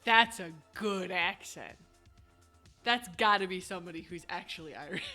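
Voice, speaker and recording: A woman's voice: fairly low pitch, normal speed, pushed and bright, faint music behind. A woman streaming a video game with chatty, laughing commentary and swearing asides, on a desk mic. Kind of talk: casual gaming commentary. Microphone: headphones and desk mic.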